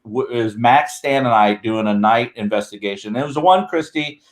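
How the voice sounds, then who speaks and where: A man's voice: medium pitch, fairly quick. A man talking as a guest in a casual video-call chat, rambling and correcting himself as he tells a story. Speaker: guest, Bigfoot researcher.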